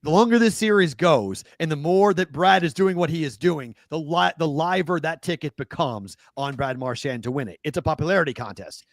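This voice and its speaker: Boston guy co-hosting a betting show; loose, animated, self-correcting, dry mic. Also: on the high side, brisk, few pauses, no echo. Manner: animated, thinks aloud and corrects himself. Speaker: sports betting show co-host. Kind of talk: casual sports talk.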